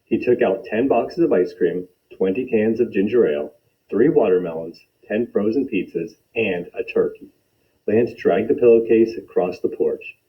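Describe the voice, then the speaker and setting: A man reading a children's picture book aloud with expressive, animated storytelling. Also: lowish voice, normal speed. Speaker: storytime reader. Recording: dull lo-fi recording.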